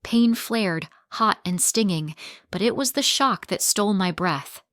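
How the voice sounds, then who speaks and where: A woman narrating a first-person family drama story in a steady, dramatic reading style. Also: mid-range voice, unhurried, dry recording, clean studio sound.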